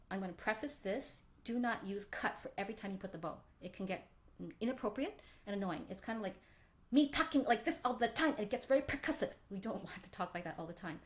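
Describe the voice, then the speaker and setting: A woman teaching a violin workshop, talking through bow technique in an animated way and singing out the strokes she demonstrates. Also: mid-range voice, brisk. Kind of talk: live online workshop lesson.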